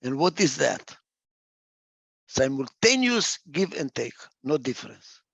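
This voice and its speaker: A man's voice: mid-range voice, very animated, takes it slowly, creaky, a bit bright, breathy edge, dry recording. A man giving a reflective talk. He stresses points by repeating phrases, and sometimes stalls over a word and starts again. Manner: gets lost for a word and restarts. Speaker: speaker.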